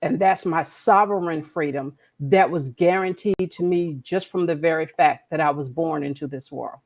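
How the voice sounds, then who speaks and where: Her voice low and a little mellow, a podcast co-host talks at a moderate pace in casual conversation. She delivers her point in an earnest, preachy way, circling back with repeated words.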